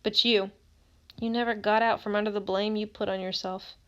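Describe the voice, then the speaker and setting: A woman's voice: medium pitch, little pitch movement, moderate pace, a bit bright, clean tone, lightly acted. A woman reading as a grieving teenage boy. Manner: plainspoken, slangy grammar. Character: grieving teenage boy writing to a dead friend. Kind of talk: audiobook reading.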